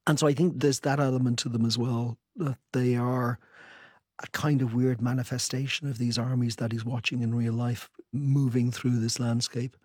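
A man with a mid-range, slightly husky voice answers interview questions in a thoughtful, measured way. He also reads a long passage from his own book. The recording is dry and close. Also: medium pitch, little pitch movement, a little mellow, no room sound. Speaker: author.

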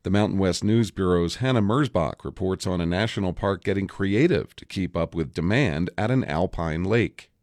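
A man hosting a radio newscast, reading stories and introducing reporters in a measured way. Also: deep voice, darkish tone, no echo. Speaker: news host.

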